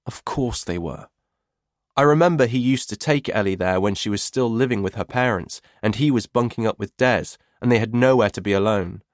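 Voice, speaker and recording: A man narrating a thriller audiobook in the first person, in a measured, wry storytelling manner. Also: on the low side, no echo, studio quality.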